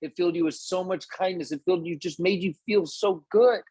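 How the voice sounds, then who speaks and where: A slightly husky, fairly high male voice, upbeat and encouraging, talking straight to his group on a video call. The sound is close and completely dry. He pushes ahead with motivational energy. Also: a little fast, darkish tone, dry recording. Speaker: host of a group coaching call.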